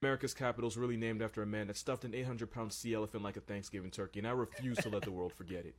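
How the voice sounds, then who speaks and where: A man's voice: on the low side, fairly even intonation, racing. A man doing a comic voice-over on a video clip, mock-indignant. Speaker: video commentator.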